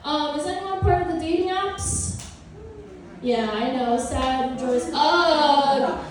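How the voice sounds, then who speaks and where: A woman's voice: sits high, expressive, slow pace, darkish tone. A young woman in her twenties doing a stand-up comedy set, with a playful, self-mocking, chatty manner. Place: comedy club with live audience. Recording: roomy, distant live club recording.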